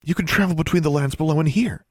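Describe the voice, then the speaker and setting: A man's voice: fairly high pitch, sing-song, fast, darkish tone, no room sound, studio quality, pitched above the performer's own voice. A man voicing a shaken teenage girl who stammers and raises her voice. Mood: urgent. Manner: stammering, rising voice. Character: distressed teenage girl, defiant but shaken.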